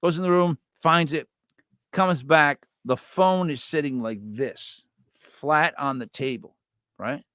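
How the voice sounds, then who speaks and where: A man hosting a live stream, chatting casually and telling stories with lots of restarts and sudden loud yells. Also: a little high, slow pace, no echo, studio quality. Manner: rambling storyteller with many restarts, bursts into loud yells. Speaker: livestream host.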